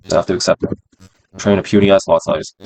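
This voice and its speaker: A man's voice: low voice, level tone, quick pace, gravelly, a little mellow, poor audio. A man streaming his day trades, talking himself through them in a casual, profane way and repeating phrases as he goes. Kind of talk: casual live-stream self-talk.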